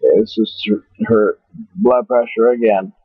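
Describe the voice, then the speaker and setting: A man telling a long story to his webcam in a halting, rambling way, repeating himself and cussing casually. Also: lowish voice, breathy edge, dry recording. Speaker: webcam vlogger. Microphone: webcam microphone. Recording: dry, phone-like lo-fi webcam audio.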